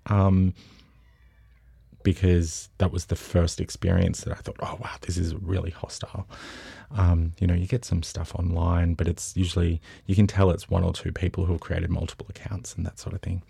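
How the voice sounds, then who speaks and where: An Australian man tells his stories in an easy interview manner, his voice low and gravelly with a dark, husky tone. He slips into the voices of the people he quotes. The sound is dry and close. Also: moderate pace, no echo. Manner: animated anecdotes, acts out quotes. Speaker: festival co-director, guest. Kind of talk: casual interview storytelling.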